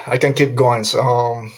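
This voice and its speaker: A man's voice: mid-range voice, steady tone, slow, husky. A man hosting a fan podcast, talking earnestly and emphatically, quoting film lines and repeating himself to drive a point home. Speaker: podcast host.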